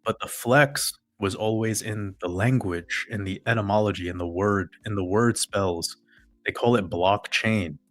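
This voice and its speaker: A man's voice: fairly low pitch, measured pace, faint music behind. A man host ranting in profane, sarcastic casual talk to a live chat audience. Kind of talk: casual rant to a livestream chat.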